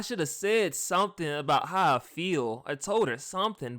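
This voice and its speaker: A young man narrating a comedic storytime, slangy and animated, dropping into low asides and jumping to high yelps. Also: normal speed, hardly any pauses, dry recording, clean studio sound.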